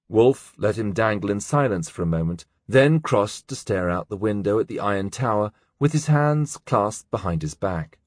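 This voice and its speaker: A man narrating a novel as an audiobook, in an expressive, measured storytelling manner. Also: lowish voice, dry recording, studio quality. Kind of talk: scripted narration.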